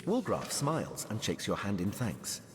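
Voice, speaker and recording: A man's voice: lowish voice, wildly swooping pitch, normal speed. A man voicing the narrator of a fantasy game, telling the story in a storybook manner. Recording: game audio with long reverb, faint noise.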